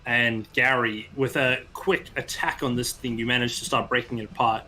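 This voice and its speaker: Guy game mastering a tabletop game, bright voice, chatty and encouraging. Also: medium pitch, fairly even intonation, moderate pace, faint music behind. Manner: descriptive, encouraging, with fillers.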